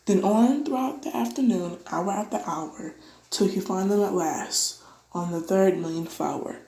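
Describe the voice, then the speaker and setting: A woman reading a children's storybook aloud, giving the characters livelier, higher voices. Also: unhurried, creaky, echoey room, rough recording. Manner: lively, voices dialogue with pitch jumps. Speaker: audiobook reader. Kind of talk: read-aloud storybook narration.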